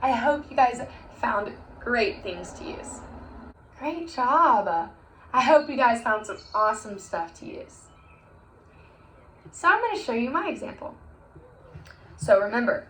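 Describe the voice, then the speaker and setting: A woman's voice: on the high side, big pitch swings, a little slow, long pauses, fairly bright tone. A young woman teaching a recorded music lesson to children, chanting rhymes in an encouraging, sing-song voice. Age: young adult. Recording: echoey room with faint hiss.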